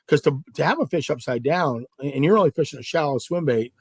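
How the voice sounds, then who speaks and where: In a brisk, husky, slightly high voice, a middle-aged man from Southern California recounts fishing tales as a guest in a relaxed interview, animatedly performing the dialogue. The sound is clean studio audio with no room sound.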